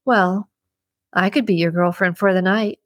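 A woman's voice: medium pitch, steady tone, a little slow, no echo, clean studio sound, close to an everyday voice. Cooing seductive killer, read by a woman. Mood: teasing. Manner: teasing, cooing.

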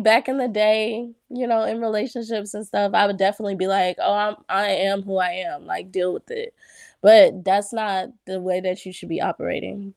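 A woman's voice: medium pitch, creaky, dry recording, studio quality. A young woman, chatting casually on her own show, with lots of "y'all" and laughs between thoughts. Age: young adult. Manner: chatty, animated, frequent "like" and "y'all", laughs often. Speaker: podcast host. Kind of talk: casual solo talk.

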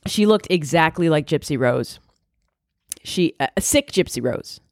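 Woman comic host, low-set voice, dry close sound, crude and rambling, with sudden high outbursts. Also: lively intonation, unhurried, no echo. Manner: profane, rambling, swings into loud high exclamations. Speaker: comedian podcast host. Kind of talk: casual comedic monologue.

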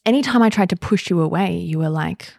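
A woman with a low, gravelly voice talks openly and thoughtfully as a podcast host. She recounts her story in an unhurried, reflective way. The sound is dry and close, with no room echo. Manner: reflective, open storytelling with soft fillers. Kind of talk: candid personal conversation.

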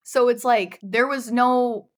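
A woman's voice: fairly high pitch, fairly even intonation, takes it slowly. A woman in her thirties, a guest on a podcast, talking candidly about her business and laughing often. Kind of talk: casual interview chat.

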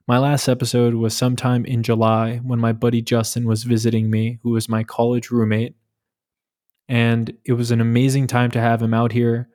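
A man in his thirties from New York with a New York accent, telling stories in a relaxed, joking way on his solo podcast. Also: mid-range voice. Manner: relaxed, joking, storytelling with fillers. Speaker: podcast host. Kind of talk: casual solo podcast monologue.

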